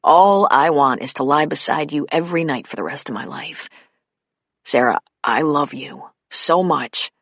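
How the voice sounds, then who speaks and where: A woman reads a devoted, tender man in a storybook voice, pitched deep and kept soft, sometimes dropping to a hush. The sound is dry and close, with no room around it. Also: measured pace, no echo, full character voice. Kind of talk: audiobook character voice.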